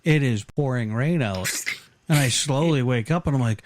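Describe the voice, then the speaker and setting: A man's voice: medium pitch, normal speed, background noise. A man hosting a podcast, telling crude, joking stories in casual banter. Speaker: podcast host.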